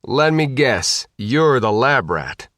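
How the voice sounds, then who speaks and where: A man's voice: mid-range voice, sing-song, takes it slowly, a bit bright, no room sound, clean studio sound, heavily acted. A man voicing a joking former soldier in an audiobook. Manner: wisecracking.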